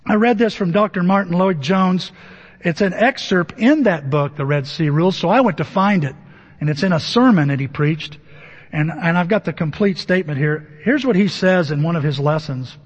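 A male pastor giving a conversational, humorous sermon and acting out Bible figures in quick asides. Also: sits high, expressive, slightly rough. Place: church sanctuary. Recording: dull sound in a hall with long reverb.

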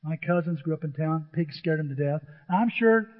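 A man telling a humorous story to an audience in an animated, chatty way, often repeating himself. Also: fairly high pitch, moderate pace. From grew up on a farm. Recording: dull, with long hall reverb.

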